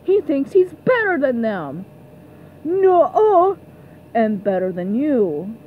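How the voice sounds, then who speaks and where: A woman's voice: sits high, very animated, slow, narrow, tinny audio, slight background noise, exaggerated voice. A woman voicing a pompous, spiteful tiny male villain in a cartoon fan dub. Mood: scheming. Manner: gloating, theatrical.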